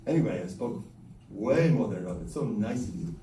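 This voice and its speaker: A man's voice: lowish voice, expressive, a little fast, warm tone, a little hiss or hum. An older man, a rabbi giving a joking, self-deprecating holiday talk to a gathering. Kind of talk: humorous Chanukah talk. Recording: roomy hall from a distance with faint ambience.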